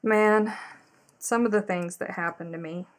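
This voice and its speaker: A woman's voice: medium pitch, measured pace. Chatty woman telling stories. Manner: chatty, animated storytelling, addresses viewers directly. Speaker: crochet live stream host. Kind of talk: casual live chat while crocheting.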